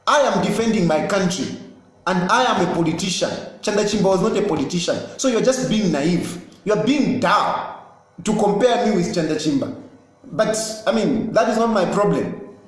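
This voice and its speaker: Brief: high-pitched politician, insistent and repetitive, recorded in a very echoey room. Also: male voice, lively intonation, moderate pace. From Zambia. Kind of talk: impassioned political statement.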